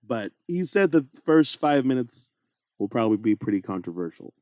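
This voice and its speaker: A man co-hosting a horror podcast in casual chat, animated and laughing often. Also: mid-range voice, moderate pace, no room sound, studio quality. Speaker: podcast co-host.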